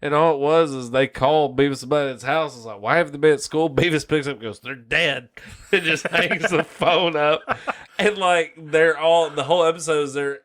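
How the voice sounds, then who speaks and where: A man's voice: on the high side, moderate pace, a bit bright. A man co-hosting a podcast, telling stories in a profane, rambling way. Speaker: podcast co-host. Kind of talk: casual chat.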